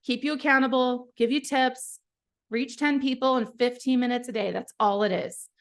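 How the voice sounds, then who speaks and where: Woman, app founder, casual tutorial delivery, slightly high voice with a gravelly edge, chatty and encouraging. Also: steady tone, normal speed. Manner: chatty, encouraging, trails off and restarts. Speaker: app founder giving a product walkthrough. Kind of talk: casual live software tutorial.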